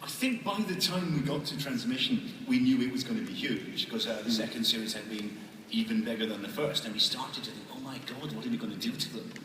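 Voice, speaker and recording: A man on a convention panel, telling a story in a relaxed way. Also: medium pitch, fairly quick, recorded from a distance, slight background noise. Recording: echoey hall with long reverb, phone from afar.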